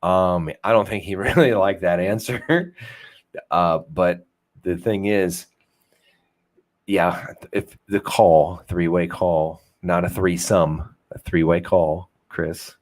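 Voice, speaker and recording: A man's voice: low-pitched, fairly even intonation, takes it slowly. A young man hosting an unfiltered talk show, rambling casually, swearing freely and joking at his own expense. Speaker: podcast host.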